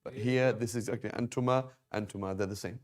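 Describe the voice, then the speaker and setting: A man's voice: mid-range voice, fairly even intonation, quick pace. A man teaching a grammar lesson at a whiteboard, explaining patiently and checking in often with "right?" and "okay?". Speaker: Arabic teacher. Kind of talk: classroom lesson on verb conjugation.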